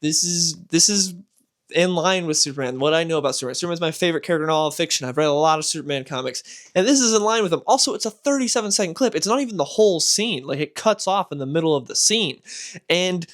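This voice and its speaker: A man giving casual, animated commentary as a comic book channel host, exasperated and ranting. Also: on the high side, quick pace.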